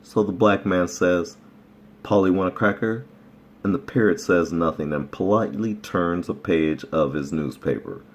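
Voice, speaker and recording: Deep-voiced man reading folk tales. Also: normal speed, hardly any pauses. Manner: relaxed, laughs at his own jokes. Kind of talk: casual read-aloud storytelling.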